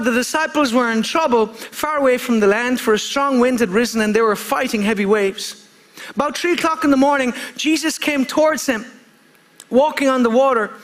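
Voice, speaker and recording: Male preacher, unusually high pitch, fervent sermon delivery with repeats and restarts. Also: a bit bright. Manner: fervent, calls for amens, repeats phrases, stumbles and restarts. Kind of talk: impassioned sermon.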